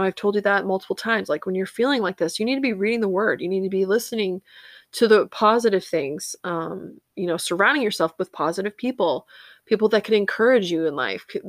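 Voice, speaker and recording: A woman's voice: medium pitch, no echo, clean studio sound. A woman in her thirties hosting a faith podcast, talking in an earnest, rambling way with many fillers. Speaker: podcast host.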